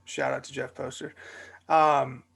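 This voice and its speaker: A man's voice: medium pitch, level tone, a little slow, gravelly, fairly bright tone, breathy edge. A young adult man, co-hosting a podcast and telling a long story in a chatty, filler-heavy way. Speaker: podcast co-host. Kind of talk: casual storytelling chat.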